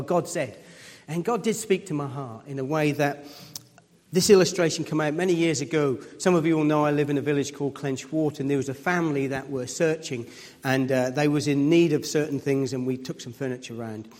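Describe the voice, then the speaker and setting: A man's voice: fairly high pitch, darkish tone, long reverb tail. A man preaching a sermon in a church, repeating words and building up to emphatic peaks, acting out the people in his stories.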